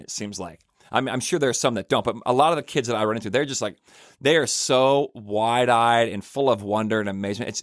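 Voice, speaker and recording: This church minister hosts a podcast in a fairly low voice, captured as a dry, studio-quality recording. His casual, reflective monologue is earnest and rambling, full of stories that he keeps restarting.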